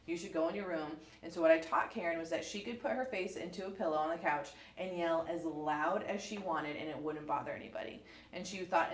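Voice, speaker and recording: A low-voiced woman from the United States talks through a book club episode in a loose, animated way, full of fillers and quick asides. Her voice sits low for a woman and carries a noticeable room echo. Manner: chatty, animated storytelling with many "like" fillers. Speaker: podcast co-host. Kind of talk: casual book club chat. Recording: echoey room.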